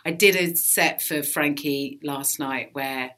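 A woman comedian talking as a podcast guest, animated, swearing freely and often laughing. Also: deep voice, takes it slowly. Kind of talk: casual podcast interview.

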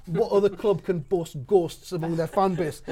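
A man tells comic anecdotes in a deadpan way. His voice is quite high for a man yet mellow in tone. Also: moderate pace, husky. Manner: deadpan storytelling. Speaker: broadcaster panellist. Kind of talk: comic pitch on a panel show.

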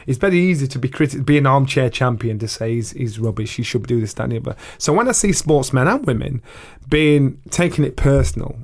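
Middle-aged English man, interview guest, lively anecdotal storyteller with a mid-range voice. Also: medium pitch, a little fast, creaky. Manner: animated, acts out voices of people in his stories, swears. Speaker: guest, retired boxer.

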